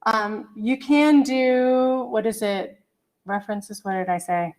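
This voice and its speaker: A woman's voice: mid-range voice, fairly even intonation, takes it slowly, long pauses, a little mellow. A middle-aged woman teaching an online college English class over a computer mic, chatty and apologetic, humming to herself as she hunts for files. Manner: chatty, apologetic, hums while searching. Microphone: computer mic on a video call.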